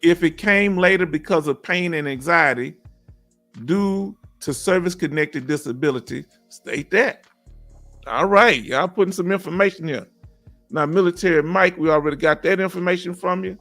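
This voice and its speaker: A middle-aged man from Houston, hosting a casual livestream and warmly encouraging viewers as he reads their comments. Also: high-pitched, moderate pace. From Houston, Texas. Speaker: livestream host. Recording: faint music behind.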